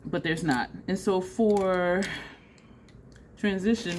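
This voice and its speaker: A woman vlogging a makeup tutorial in a chatty, excitable way, talking straight to her viewers. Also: fairly low pitch, measured pace, a little hiss or hum. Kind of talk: casual makeup tutorial chat.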